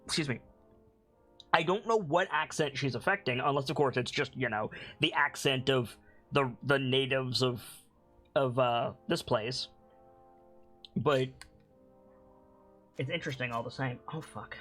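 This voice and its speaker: Chatty game streamer, mid pitch. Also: a little slow, pauses often, fairly bright tone, faint music behind, low-quality recording. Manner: chatty, reads game text aloud. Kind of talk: casual game commentary.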